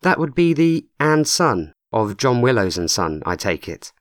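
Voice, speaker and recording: A man voicing a crisp, precise young woman. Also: medium pitch, very animated, a little slow, dry recording, studio quality, voice pushed up. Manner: clear, precise speech.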